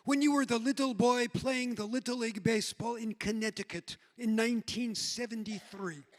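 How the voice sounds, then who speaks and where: A man voicing a blunt, tough female former commando turned voice therapist, with a put-on Israeli accent, clipped broken English and deadpan scolding. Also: very high-pitched, moderate pace. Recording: long reverb in a large hall.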